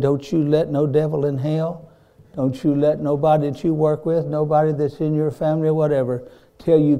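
Male preacher, very dark mellow voice, fervent sermon delivery with emphatic peaks. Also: mid-range voice. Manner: fervent, repeats "my friend", rises to emphatic peaks.

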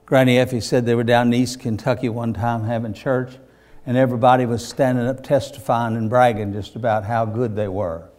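A man preaching a sermon with fervent, building delivery and loud bursts on quoted lines. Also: mid-range voice, little pitch movement, brisk. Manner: fervent, rising to shouts on acted quotes.

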